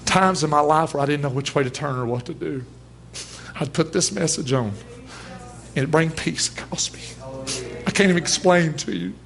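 A man's voice: on the high side, vocal fry. A man preaching a sermon at a church service, folksy and emphatic, in plain everyday speech.

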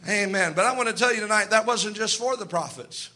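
Very high, sharp-voiced male preacher. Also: a little fast. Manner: impassioned, emphatic, bursts into shouts. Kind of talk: fervent sermon.

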